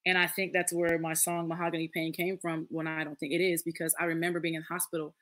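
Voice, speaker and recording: Fast-talking woman in her late thirties. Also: low-pitched, little pitch movement, fairly bright tone. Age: late 30s. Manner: earnest storytelling, acts out quoted voices. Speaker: podcast guest. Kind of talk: casual conversation.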